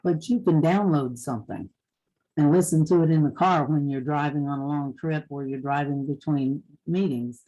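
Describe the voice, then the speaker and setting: An older woman with a soft Eastern Kentucky accent speaks to a conference audience of realtors. Her voice is mellow and warm, and her delivery is folksy and down-to-earth as she gives practical advice. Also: deep voice, moderate pace, low-quality recording. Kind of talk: motivational conference talk.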